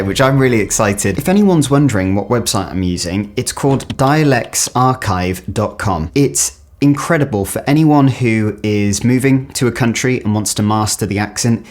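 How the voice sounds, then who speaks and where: A man hosting a video, giving casual, enthusiastic reaction commentary on accents. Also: mid-range voice. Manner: enthusiastic and chatty. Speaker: YouTube host reacting to accents. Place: home studio.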